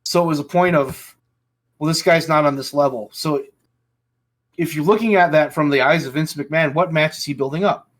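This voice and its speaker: A man's voice: on the high side, moderate pace, fairly bright tone. A man hosting a casual podcast chat, ranting angrily and swearing heavily. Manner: angry ranting, heavy swearing. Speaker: podcast host.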